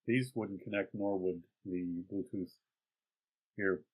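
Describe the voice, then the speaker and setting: A man's voice: low voice, fairly even intonation, slow, a little mellow, slightly rough. A man co-hosting a tech podcast, chatting casually and hesitantly with hedging asides. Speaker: podcast co-host.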